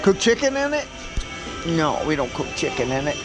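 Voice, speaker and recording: A man's voice: on the high side, very animated, moderate pace, poor audio. A man playing with his son at a swimming pool, talking patiently, encouraging and teasing him. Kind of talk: casual playful chat with a child. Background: music.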